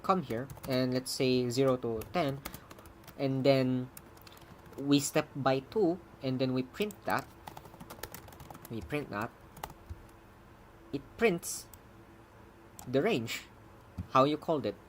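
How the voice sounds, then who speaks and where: A programmer casually walking through their own code, rambling, correcting themself, laughing often and breaking into excited cheers. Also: mid-range voice, takes it slowly, pauses often, a little hiss or hum. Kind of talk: casual coding stream commentary.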